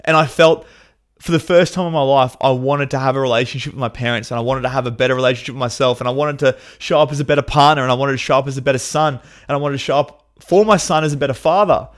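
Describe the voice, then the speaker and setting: A man's voice: medium pitch, fast talker. A man, hosting a podcast and telling a personal story in a candid, emotional way, swearing freely. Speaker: podcast host.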